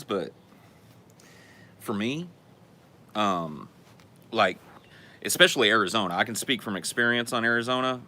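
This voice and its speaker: A man's voice: low voice, fairly even intonation, brisk, bright, forceful tone, slight background noise. A young man from California's Central Valley with a general American Southern accent, chatting casually as a podcast host and often stammering and restarting his sentences. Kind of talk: casual Q&A chat.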